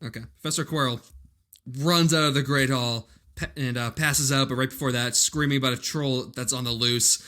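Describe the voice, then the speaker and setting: Bright-voiced man recapping a film plot. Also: mid-range voice, steady tone, brisk. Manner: recaps plot, laid-back, profane. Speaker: podcast co-host. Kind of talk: casual chat.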